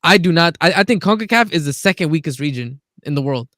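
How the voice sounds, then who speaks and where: A man's voice: fairly high pitch, animated, quick pace, a bit bright, no room sound, clean studio sound. A man co-hosting a casual football chat on a video call, blunt and opinionated. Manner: blunt, opinionated, says "bro" a lot. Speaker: podcast co-host.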